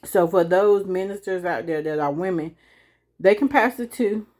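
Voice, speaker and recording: A woman giving an informal Bible teaching to camera. She talks conversationally, keeps checking in with "right?", and reads scripture slowly and deliberately. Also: fairly low pitch, a little mellow.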